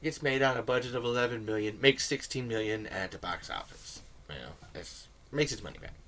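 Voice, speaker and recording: A man's voice: medium pitch, animated, brisk, fairly bright tone, slight background noise. A man hosting a casual film commentary, talking in a rambling, enthusiastic way full of fillers. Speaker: film commentary video host.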